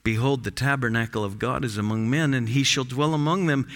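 Man, preacher, sermon, bright voice, long hall reverb. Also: medium pitch. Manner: emphatic, rising and falling for stress, slow deliberate reading. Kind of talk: expository sermon.

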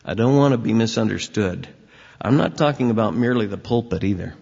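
A man preaching a sermon as pastor, with emphatic swings in pitch and volume. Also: fairly quick, vocal fry, a little mellow, slightly rough. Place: church sanctuary. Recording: dull recording with long hall reverb.

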